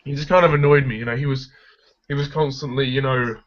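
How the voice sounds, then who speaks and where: A man's voice: medium pitch, steady tone, quick pace. Blunt, opinionated man. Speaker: film reviewer. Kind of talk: casual film discussion. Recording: dull lo-fi recording.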